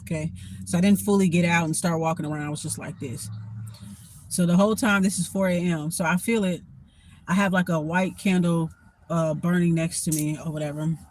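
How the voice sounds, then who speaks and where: A woman telling a story in a casual vlog, blunt and profane, animated and quick to laugh. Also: fairly low pitch. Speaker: storytime vlogger.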